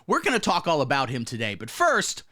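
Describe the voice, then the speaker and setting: A man hosting a satirical news show, delivering commentary in a mock-pompous, swaggering way with sudden low asides. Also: huge pitch swings, brisk.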